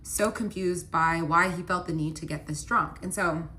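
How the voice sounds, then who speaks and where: Young adult woman, casual storyteller, lowish pitch, chatty and filler-heavy. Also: fairly even intonation, normal speed, bright, forceful tone. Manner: chatty, many "like" fillers, upset retelling.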